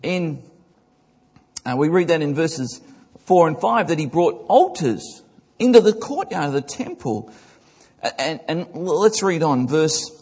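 A pastor preaches with a husky voice, swinging from emphatic highs to quiet lows. He reads scripture and stops to comment on it. His words ring out with the long reverb of a large church hall. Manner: emphatic preaching with big rises and drops. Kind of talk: sermon.

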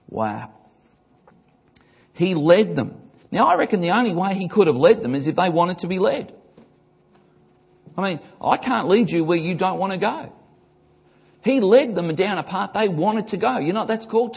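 A pastor preaches with a husky voice, swinging from emphatic highs to quiet lows. He reads scripture and stops to comment on it. His words ring out with the long reverb of a large church hall. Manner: emphatic preaching with big rises and drops. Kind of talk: sermon.

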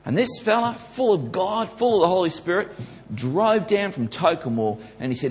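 A man preaching a sermon, building to loud emphatic peaks and repeating his key questions. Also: high-pitched, animated, normal speed. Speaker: pastor.

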